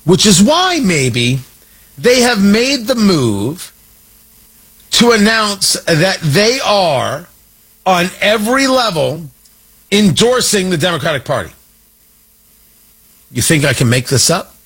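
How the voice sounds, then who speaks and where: A man's voice: high voice, sing-song, takes it slowly, long pauses, fairly bright tone, breathy edge. A man delivering an emphatic, sarcastic political commentary monologue, hammering his points through repetition.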